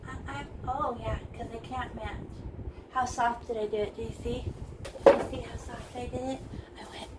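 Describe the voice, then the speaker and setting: Woman teaching painting, kinda high voice, playful and chatty, noisy background w cars going by. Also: fairly even intonation, normal speed, distant mic. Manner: chatty, playful, narrates each brushstroke. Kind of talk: casual painting tutorial.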